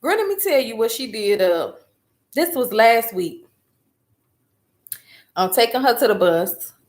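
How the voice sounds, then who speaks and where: A mother chatting casually as a host, telling a story in an emphatic, animated way. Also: fairly high pitch, measured pace. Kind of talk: casual chat.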